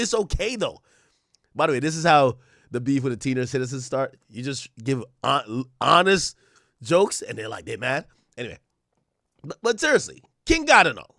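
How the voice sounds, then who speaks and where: A male streamer riffing to his chat in loose, slang-heavy commentary, laughing as he goes. His voice swings widely and sits a little high, and the close microphone sounds completely dry. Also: dry recording. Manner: excitable, slangy, laughs often. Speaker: streamer reacting to clips. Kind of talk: animated casual commentary to chat.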